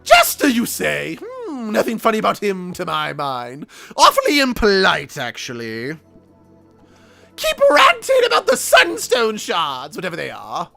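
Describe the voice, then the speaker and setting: A man voicing a pompous old gentleman archaeologist in a game, with plummy theatrical exclamations. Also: sits high, huge pitch swings, measured pace, gravelly, faint music behind, pitched above the performer's own voice, full character voice. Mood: indignant.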